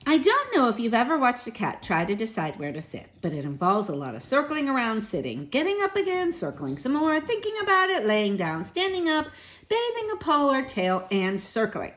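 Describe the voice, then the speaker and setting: A woman reading a children's book aloud, gentle and chatty with young listeners. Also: fairly high pitch, wildly swooping pitch, moderate pace. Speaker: children's story reader.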